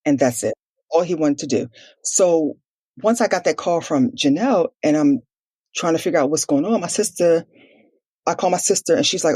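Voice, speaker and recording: A woman recounting a painful family story in a podcast interview, earnest and quick, acting out remembered dialogue and filling gaps with "like". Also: deep voice, lively intonation, a little mellow, husky, no echo. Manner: earnest, quick retelling with quoted dialogue and many "like" fillers. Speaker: guest telling her family story.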